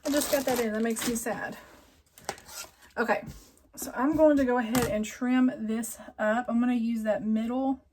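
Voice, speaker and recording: Her voice fairly high, darkish and fairly even at normal speed, this woman hosts a casual quilting tutorial. Sewing machine noise hums behind her as she thinks aloud, rambling and getting frustrated with her work.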